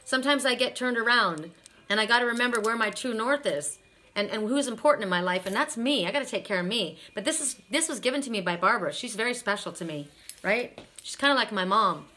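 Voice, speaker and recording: Bright-voiced, chatty middle-aged woman. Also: fairly high pitch, animated, quick pace. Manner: chatty, emotional, repeats herself. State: tired. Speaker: oracle card reader. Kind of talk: live-stream card reading chat.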